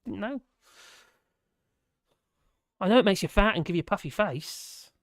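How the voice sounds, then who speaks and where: A hoarse man, hosting a casual live stream from home and chatting loosely as he reads out viewer comments. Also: high voice, animated, measured pace, no room sound, clean studio sound. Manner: rambling, chatty, self-mocking, hums to himself. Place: at home in France. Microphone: desk microphone.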